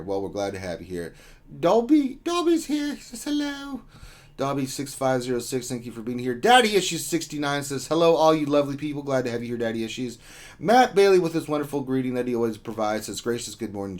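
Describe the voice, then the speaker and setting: A man hosting a casual gaming livestream, reading out chat greetings in a joking, rambling way with lots of fillers. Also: mid-range voice. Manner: joking, rambling, with many ums and uhs. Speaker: livestream host.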